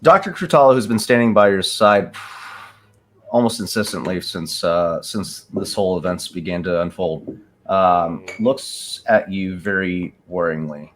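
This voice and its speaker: A man's voice: sits low, a little slow. A man narrating as game master of a tabletop role-play, loose and casual with lots of fillers.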